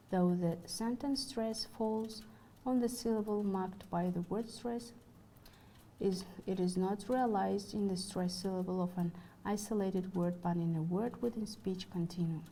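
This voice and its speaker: Woman lecturing, mellow tone. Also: mid-range voice, a little hiss or hum. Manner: careful, measured reading from notes. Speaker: university lecturer. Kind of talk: recorded lecture reading.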